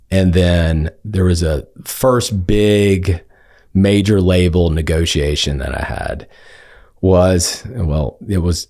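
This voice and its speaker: A middle-aged man with a deep, low voice speaks as a guest on an interview podcast. He tells a story from his working life casually and animatedly, restarting phrases as he goes. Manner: animated anecdote teller, hesitant restarts. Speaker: podcast guest, entertainment attorney.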